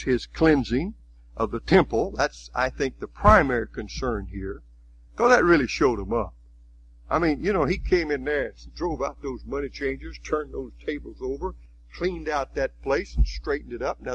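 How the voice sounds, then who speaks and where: A man's voice: fairly high pitch, slightly rough, low-quality recording. A man preaching a sermon in a folksy, conversational way, often adding "you see".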